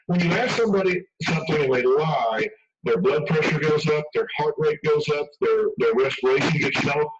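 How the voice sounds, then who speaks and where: A man's voice: on the high side, huge pitch swings, normal speed, noisy background. A man speaking as an expert guest in a radio interview, emphatic and conversational, acting out quoted lines. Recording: dull radio broadcast from far off.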